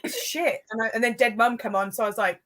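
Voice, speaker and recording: A woman telling stories in a casual chat with friends over a video call, animated and laughing often. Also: on the high side, racing.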